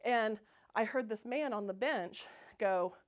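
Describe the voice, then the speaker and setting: Bubbly woman, slightly high voice. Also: measured pace. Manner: bubbly, laughs often, acts out her own excited quotes. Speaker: guest speaker at a spiritual center. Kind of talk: Sunday talk, personal storytelling. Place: spiritual center sanctuary.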